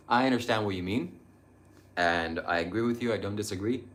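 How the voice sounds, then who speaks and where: Low-voiced man live-streaming spiritual advice. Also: a little slow, a bit bright. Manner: earnest, meandering, hesitant with many ums. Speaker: livestream host answering viewer chat.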